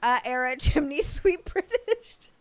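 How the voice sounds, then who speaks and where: Speaking at a measured pace in a high, sing-song voice with no echo, a young woman streamer answers her viewers in casual chat from home. She's blunt and playful, cracks crude jokes, and laughs often.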